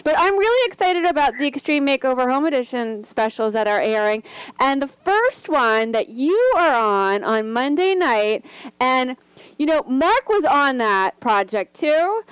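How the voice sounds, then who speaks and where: A woman co-hosting a casual interview, playful and expressive. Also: a little high, clear, resonant tone, no room sound, low-quality recording. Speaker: co-host.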